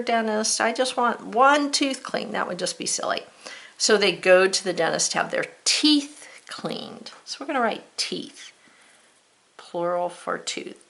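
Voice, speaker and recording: A woman's voice: medium pitch, vocal fry, fairly bright tone. An American woman teaching a spelling lesson, patiently sounding out words and spelling them letter by letter.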